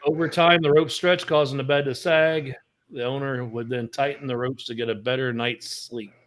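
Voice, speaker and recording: A man's voice: mid-range voice, fairly even intonation, moderate pace, fairly bright tone. A man co-hosting a casual podcast, reading out trivia and telling rambling jokes. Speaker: podcast co-host. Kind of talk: casual chat.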